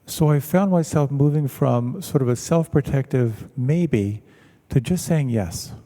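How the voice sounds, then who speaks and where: A man, a meditation teacher, giving a measured, reflective talk and telling stories to an audience in a large hall. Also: medium pitch, warm tone. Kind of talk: dharma talk.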